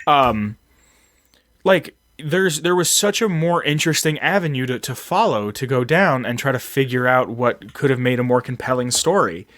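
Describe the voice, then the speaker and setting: A man chatting casually as a podcast co-host, rambling and restarting his thoughts often. His voice sits in a middling pitch. The sound is dry and close, with no room echo. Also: expressive, moderate pace, a bit bright. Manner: rambling, many fillers and restarts.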